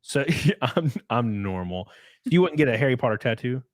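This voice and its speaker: A man's voice: mid-range voice, very animated, normal speed, no echo. A young man, a streamer and podcast host, chatting casually in a joking, teasing way. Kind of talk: casual chat.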